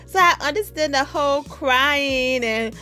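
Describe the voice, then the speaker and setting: A woman giving a live reaction to a TV show, animated and slangy, laughing often. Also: sits high, a little slow. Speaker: TV show reviewer.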